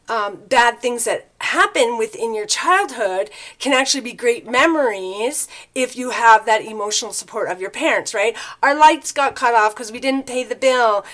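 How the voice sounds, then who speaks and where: A woman's voice: a little high, fairly bright tone. A woman giving a casual, rambling spiritual talk as a tarot reader, often checking in with her listeners by asking "right?". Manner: chatty, loose and rambling, with frequent tag questions.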